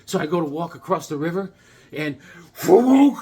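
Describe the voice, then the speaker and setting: A man's voice: high-pitched, expressive, normal speed. A middle-aged man in a casual vlog, telling a childhood story between comics, full of fillers and restarts. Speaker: comic book collector. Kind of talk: casual show-and-tell vlog.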